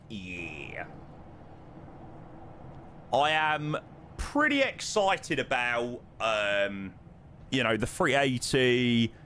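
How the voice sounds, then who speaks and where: Streaming a flight simulator, a chatty British man reads his viewers' messages aloud and announces runway and altimeter values in casual talk. His voice is medium-pitched and a bit bright, with a little hiss or hum.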